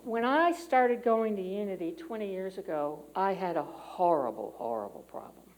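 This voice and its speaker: A middle-aged woman delivers a conversational sermon in a church sanctuary, speaking candidly and personally with lots of fillers and restarts. Her voice is medium-pitched, expressive and a little mellow, at a normal pace. The recording quality is low.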